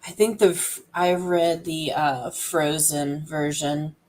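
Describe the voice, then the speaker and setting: A woman's voice: low voice, steady tone, darkish tone. A young woman chatting casually as a guest on a reading stream, hesitant and trailing off as she talks. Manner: slow, hesitant, trails off and restarts. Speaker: guest co-host. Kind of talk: casual livestream chat.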